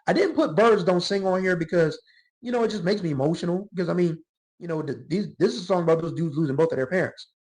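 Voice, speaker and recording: A middle-aged man with a scratchy throat hosting his own music channel, talking casually and reflectively about songs, now and then letting out a drawn-out "whew.". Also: sits high, darkish tone. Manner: reflective, gets emotional, drawls exclamations like "whew". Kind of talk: casual solo music commentary.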